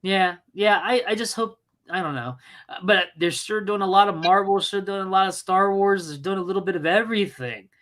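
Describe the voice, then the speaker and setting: A man co-hosting a podcast in casual chat, agreeable and quick to laugh. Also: high-pitched, fairly bright tone. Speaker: podcast co-host.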